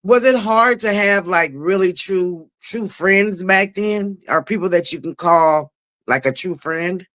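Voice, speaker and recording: A woman's voice: fairly low pitch, unhurried, a bit bright. A woman hosting a casual interview, chatty, affirming and teasing with her guest. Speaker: host.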